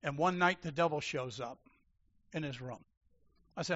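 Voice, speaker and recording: Preacher, male, bright and forceful, slightly higher voice, dull lo-fi recording. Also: moderate pace. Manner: emphatic and animated, swinging from loud declarations to quiet asides. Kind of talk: sermon. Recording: dull lo-fi sound.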